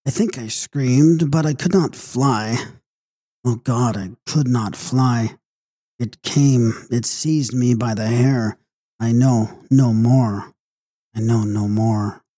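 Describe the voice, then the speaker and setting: A woman's voice: rumbling low, slow, mellow, no room sound, full character voice. A man reading a horror audiobook, voicing a terrified young woman who pleads in trembling cries. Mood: shaken. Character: terrified young woman after a vampire attack. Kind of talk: audiobook character voice.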